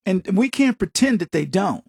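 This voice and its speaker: A man's voice: sits high, very animated, normal speed, gravelly, darkish tone, breathy edge, dry recording, studio quality. A man giving an opinionated, combative monologue as a commentator, who is from the United States and mocks other voices as he talks. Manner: emphatic, combative, mocking quoted voices.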